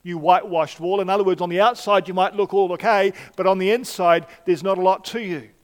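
A man preaching a sermon in a conversational way, often pausing on fillers and restarting his sentences. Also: high-pitched, steady tone. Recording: long reverb of a large hall.

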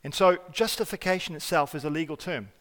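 A man preaching a sermon as pastor, earnest and emphatic, often restarting words and swinging between loud stresses and quiet asides. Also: on the high side, fast talker. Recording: hall reverb.

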